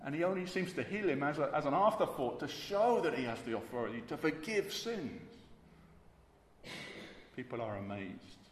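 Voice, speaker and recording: A man's voice: on the high side, expressive, normal speed. A man preaching a sermon emphatically, repeating key words for weight. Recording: echoey hall with faint ambience.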